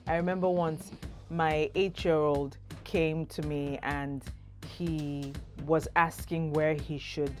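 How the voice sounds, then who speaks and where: A middle-aged woman with a Nigerian accent, talking casually to camera as an expressive, humorous storyteller. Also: sits low, slow, faint music behind. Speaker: vlogger.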